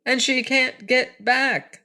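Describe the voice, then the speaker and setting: A woman voicing a blocky, loyal male beast in a storybook reading, with high, drawn-out lines. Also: steady tone, bright, forceful tone, heavily acted. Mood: determined.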